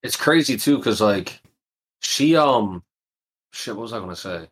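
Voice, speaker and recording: Man, mid pitch, very lively intonation, casual talk, loose with fillers. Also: unhurried. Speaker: podcast co-host. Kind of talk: casual chat about a TV show.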